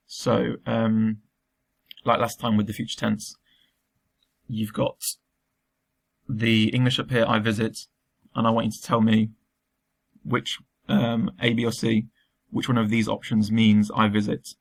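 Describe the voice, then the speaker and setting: A man's voice: fairly low pitch, monotone, measured pace, vocal fry, long pauses. A man teaching a recorded remote lesson, explaining patiently step by step with frequent ums.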